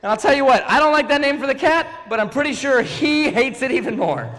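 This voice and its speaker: A young man performing a playful, animated stand-up comedy set to a live audience in a church auditorium. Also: very high voice, brisk, big-room sound.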